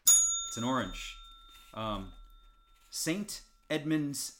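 A man hosting a casual chat and quiz game, talking in a halting, dry way with many fillers and restarts. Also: mid-range voice, expressive, a bit bright, slight background noise. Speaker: host.

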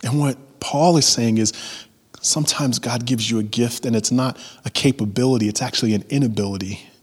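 A man preaching a sermon, a pastor who moves between loud emphasis and hushed whispers and acts out everyday prayers in a conversational voice. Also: mid-range voice, a little fast, breathy edge. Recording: long hall reverb.

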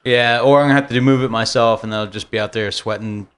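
A man in casual chat with friends, an animated storyteller who swears freely. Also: mid-range voice, fast talker, a loud crowd.

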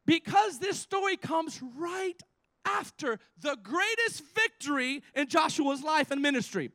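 A man pastor preaching a sermon, animated and exhorting, with frequent stumbling restarts. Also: very high-pitched, a little slow, no echo.

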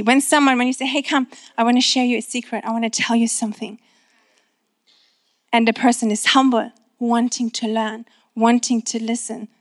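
A woman's voice: fairly high pitch, a bit bright, no room sound, clean studio sound. A woman preaching a sermon in an earnest, conversational way, with many casual filler words.

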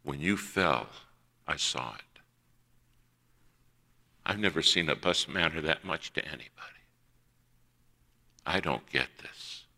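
Male preacher, low and forceful, telling a story from the pulpit and playing each voice in it. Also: slow, gravelly, pauses often. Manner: acts out quoted voices in a personal story. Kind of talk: sermon storytelling.

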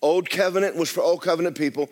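A middle-aged male pastor, preaching loudly and with life, often dropping to a hush. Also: a little high, fast talker. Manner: loud, lively preaching with sudden drops to a hush. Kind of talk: sermon. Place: church.

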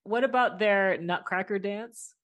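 A woman's voice: mid-range voice, measured pace, a bit bright, dull audio. A woman co-hosting a casual podcast, chatty and rambling with self-deprecating humor. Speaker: podcast co-host. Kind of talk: casual chat.

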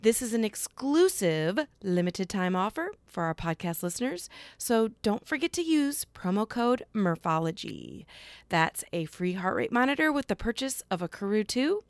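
A woman hosting a podcast, reading a scripted sponsor message in a smooth, upbeat way. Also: mid-range voice, big pitch swings, normal speed, dry recording. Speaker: podcast host. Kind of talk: scripted ad read.

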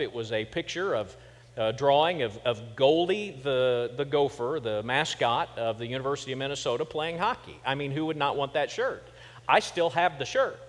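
Middle-aged pastor guy from kansas, fairly high voice, chatty funny sermon that gets punchy, big echoey church. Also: a bit bright. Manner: conversational storytelling with humor, building to emphatic points. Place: church sanctuary.

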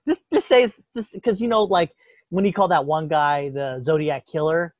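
A man's voice: on the high side, moderate pace, no room sound. A man in casual political chat, ranting with lots of swearing and mock voices. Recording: dull lo-fi dry sound.

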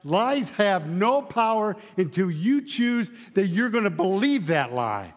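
A man's voice: high voice, sing-song, a little slow, big-room sound. A male pastor preaching a sermon, emphatic, driving his points home with repeated rhetorical questions.

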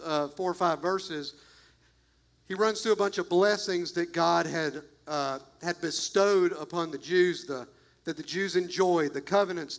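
A man's voice: sits high, gravelly. A man preaching a sermon as pastor, emphatic and repetitive, talking straight to his congregation.

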